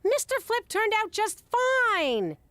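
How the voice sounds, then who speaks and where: A woman's voice: extremely high pitch, sing-song, takes it slowly, sharp tone, a little hiss or hum, exaggerated voice. A woman voicing a brash, theatrical mob wife and mother with a New York Italian-American accent in a cartoon.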